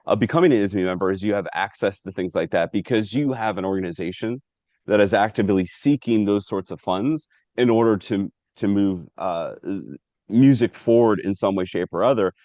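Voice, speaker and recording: Deep-voiced man hosting over a video call. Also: moderate pace, dry recording. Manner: relaxed, explanatory, some filler. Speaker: host. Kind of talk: casual video-call interview.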